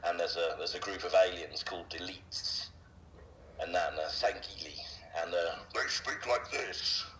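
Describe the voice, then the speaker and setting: A voice actor being interviewed, a man talking casually and haltingly, with frequent fillers and restarts. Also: deep voice, little pitch movement, fairly bright tone, a little hiss or hum, rough recording. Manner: hesitant, many fillers and restarts.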